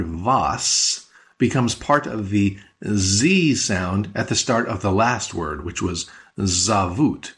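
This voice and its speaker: Male podcast language teacher, lowish voice, patient, explains carefully and slows down on key words.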